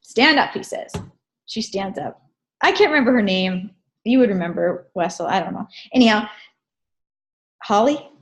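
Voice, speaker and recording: A woman presenting a casual, storytelling recap of a training event. She talks in an animated way and keeps checking in with her listeners. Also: medium pitch, normal speed, pauses often.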